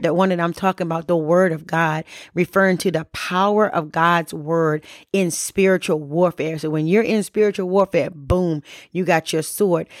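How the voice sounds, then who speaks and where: A middle-aged woman with a fairly low voice hosts a faith podcast. She teaches in a relaxed, conversational way and keeps checking in with the listener. The sound is dry and close, with no room around it. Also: dry recording. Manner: conversational, keeps asking "right?". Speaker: podcast host.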